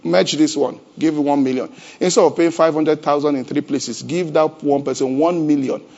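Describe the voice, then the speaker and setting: A man preaching a sermon as pastor. He keeps asking the congregation rhetorical questions and swings between loud emphasis and a low, conversational tone. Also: steady tone, moderate pace, gravelly. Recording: dull lo-fi church recording.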